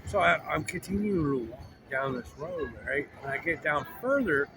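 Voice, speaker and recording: A man's voice: a little high, expressive, moderate pace, background noise. A man telling a long, rambling story outdoors by a road, profane and full of "like" and restarts. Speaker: vlogger. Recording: clear music behind the voice.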